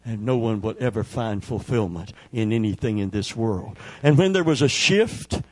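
Husky older man preaching emphatically. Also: lowish voice, animated, moderate pace, a little mellow. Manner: emphatic preaching with call-and-response. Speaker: pastor. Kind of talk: sermon.

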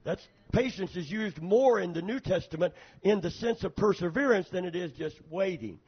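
Man, pastor, sermon, high voice, husky, amen calls, church, muffled tape sound. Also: expressive, normal speed. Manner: preaching with frequent calls for amen; swings from quiet asides to loud fervent prayer.

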